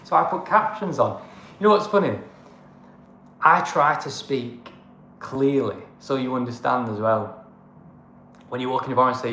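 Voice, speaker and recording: A man's voice: mid-range voice, expressive, normal speed, a bit bright. A man with a Northern English accent, rambling casually as he co-hosts a travel livestream. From Northern England. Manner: chatty, rambling banter. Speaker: travel vlogger, co-host. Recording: echoey room with faint ambient noise.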